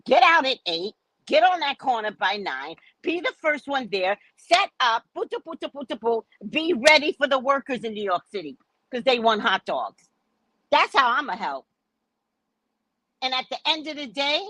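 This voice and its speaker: Sassy woman host, husky and animated. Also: high voice, no echo, low-quality recording. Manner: sassy, emphatic, lecturing. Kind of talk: casual commentary livestream.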